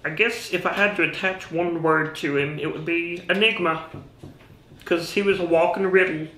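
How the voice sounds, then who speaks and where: A man's voice: a little high, steady tone, moderate pace, bright, forceful tone. A man playing an earnest male acquaintance of the band, musing in a mockumentary interview. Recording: echoey room with faint noise.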